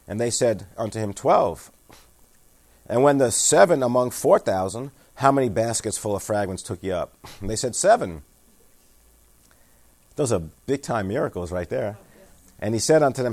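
A man's voice: on the low side, animated, normal speed, a little mellow. A man giving a sermon, reading scripture aloud, explaining it in everyday words, and asking his listeners questions. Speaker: pastor.

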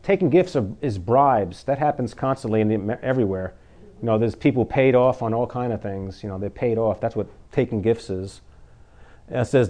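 Casual preaching man, medium pitch. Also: animated, normal speed, mellow. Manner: conversational, rhetorical questions, laughs at own jokes. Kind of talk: informal sermon.

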